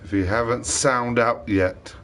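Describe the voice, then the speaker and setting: A man's voice: mid-range voice, fairly even intonation, unhurried, a bit bright, slight background noise. A man talking alone in a rambling vlog monologue, swearing often and drifting between thoughts. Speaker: vlogger.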